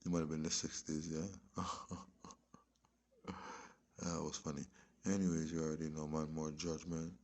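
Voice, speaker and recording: A man giving rambling spiritual commentary, lecturing and checking in with listeners, often dropping into a hushed whisper. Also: rumbling low, little pitch movement, normal speed, pauses often. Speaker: religious commentator. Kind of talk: rambling spiritual commentary over video clips.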